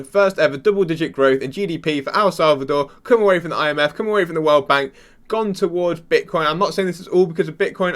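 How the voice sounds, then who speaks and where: Young male vlogger, raised pitch, passionate off-the-cuff rant, trips over words. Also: fairly bright tone. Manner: rambling, restarts sentences, searches for words. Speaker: crypto channel host. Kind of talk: casual excited commentary to camera.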